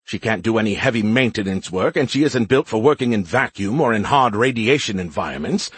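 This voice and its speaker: A man's voice: fairly low pitch, lively intonation, brisk, slightly rough, dry recording. A man voicing a perky, smug male AI in a beer can, teasing and snarky, for an audiobook. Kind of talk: audiobook character voice.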